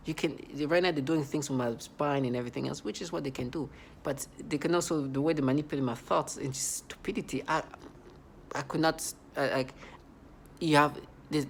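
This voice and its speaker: A man vlogs in a rambling, agitated monologue, restarting often, repeating words, and laughing in disbelief. His voice sits at medium pitch with vocal fry, and there's a faint hiss or hum in the background.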